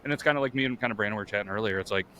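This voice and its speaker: A man's voice: fairly low pitch, very fast, sharp tone, slight background noise. A man hosting a podcast in casual, crude banter, joking and laughing often as he tells stories. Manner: joking, laughs a lot, acts out quoted voices. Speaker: podcast host.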